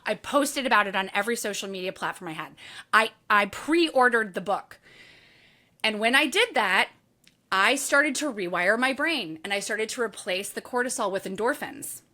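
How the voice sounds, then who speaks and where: A woman's voice: medium pitch, normal speed. A woman author being interviewed on a podcast, telling candid stories and acting out her own thoughts, swearing now and then. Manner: candid, animated storytelling with acted-out inner quotes and swearing. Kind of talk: conversational interview.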